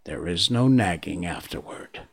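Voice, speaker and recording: A man narrating a classic storybook in a measured, hushed manner. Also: low-pitched, animated, vocal fry, slightly rough.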